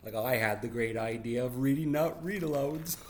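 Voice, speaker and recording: A man reading a children's picture book aloud as a read-aloud host. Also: mid-range voice. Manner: slow and expressive. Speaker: storybook reader.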